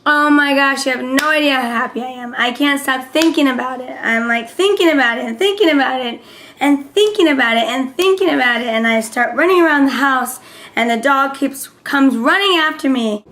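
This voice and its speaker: Woman vlogger at home, talking straight to camera, slightly high voice, excitable, slips into whispers, faint room noise. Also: brisk. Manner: chatty and excitable, often dropping to a whisper. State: voice messed up. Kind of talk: casual vlog chat.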